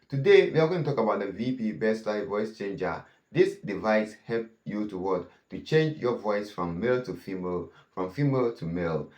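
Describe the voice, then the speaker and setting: A man hosting a cyber safety channel, warning viewers and often posing "what?" questions that he answers himself. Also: fairly low pitch. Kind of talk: warning talk to camera. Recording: echoey room.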